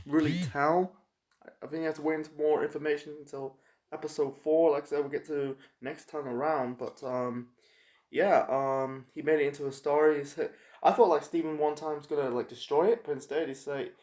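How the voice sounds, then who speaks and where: Rambling man with a higher voice. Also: darkish tone. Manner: rambling, halting, with many fillers and restarts. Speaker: TV episode reviewer. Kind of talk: casual spoken review. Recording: echoey room.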